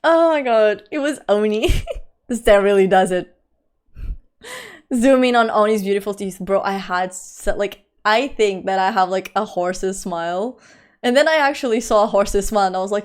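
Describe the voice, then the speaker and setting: A young woman, not a native English speaker, chatting casually with her livestream chat, rambling and quick to laugh. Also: mid-range voice, animated. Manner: talks straight to her chat. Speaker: streamer.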